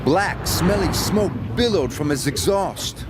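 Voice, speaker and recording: A man narrating a children's storybook in an expressive, measured way. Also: high voice, very noisy. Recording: loud music under the voice.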